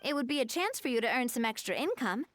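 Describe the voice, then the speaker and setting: A gracious young woman leader in a video game, polite and patient as she explains. Her fairly high voice moves lightly up and down. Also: very animated, fast, a bit bright. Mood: explaining. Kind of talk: video game cutscene dialogue.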